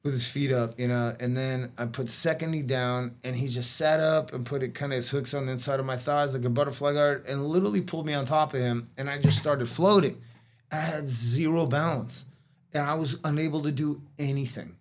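A man's voice: medium pitch, fairly quick. A middle-aged man telling a long story in casual chat, rambling with many "like"s and restarts, with a cough now and then. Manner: rambling, lots of "like" and "you know", restarts.

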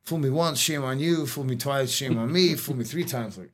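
A man's voice: medium pitch, moderate pace. Middle-aged male guest, chatty rambling storyteller, fillers and restarts, slight cough. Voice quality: coughing now and then. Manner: rambling, lots of "like" and "you know", restarts. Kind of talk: casual storytelling chat.

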